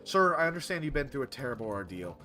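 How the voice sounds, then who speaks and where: A man voicing a pushy male TV news reporter with a brisk, bright broadcast delivery. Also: mid-range voice, very animated, over music, pitched above the performer's own voice, lightly acted. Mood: probing.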